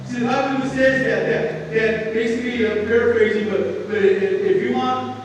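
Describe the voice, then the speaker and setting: A man's voice: very high voice, steady tone, moderate pace. A middle-aged man preaching an informal sermon in a church, earnest and conversational with homey humor. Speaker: pastor. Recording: echoey hall, voice from far off, faint noise.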